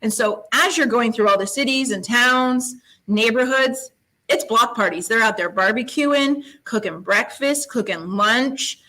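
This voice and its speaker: A woman's voice: a little high, a little slow, bright, forceful tone, low-quality recording. A woman guest who teaches science, chatting in an interview with an upbeat, storytelling manner and frequent laughs. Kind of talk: casual interview chat.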